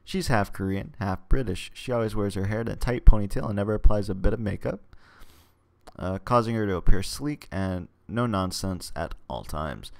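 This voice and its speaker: A man's voice: lowish voice, normal speed, vocal fry, slight background noise. A man reading a text adventure game aloud in a casual way, stumbling and tossing in joking asides.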